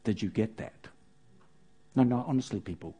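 A woman's voice: a bass voice, moderate pace, warm tone, breathy edge. A woman preaching to a congregation, telling a story with playful asides to the audience. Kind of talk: sermon with storytelling.

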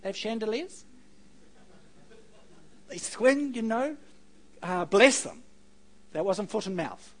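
A man preaching a sermon, telling stories with animated delivery and joking asides to the congregation. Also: sits high, slow, long pauses, poor audio. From New Zealand. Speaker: pastor.

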